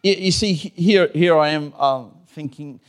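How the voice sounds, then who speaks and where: A middle-aged man, preaching a sermon in a chatty, animated way, acting out his own inner voice and laughing often. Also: on the high side, a little slow. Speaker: pastor. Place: church.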